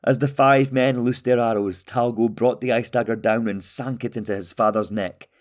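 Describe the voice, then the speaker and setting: A man reading a fantasy story aloud in a steady, even storytelling manner. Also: mid-range voice, moderate pace. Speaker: audiobook narrator. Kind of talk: scripted fantasy narration.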